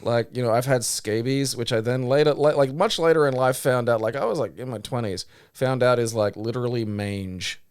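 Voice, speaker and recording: A man's voice: mid-range voice, a little fast, few pauses, clean tone, no room sound, clean studio sound. A man with an Australian accent, co-hosting a podcast in casual, rambling, sweary chat. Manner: sweary, rambling, animated storytelling. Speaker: podcast co-host.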